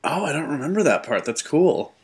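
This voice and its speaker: A young man co-hosting a casual podcast about movies, laughing often and getting animated. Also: a little high, a little fast, breathy edge. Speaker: podcast co-host.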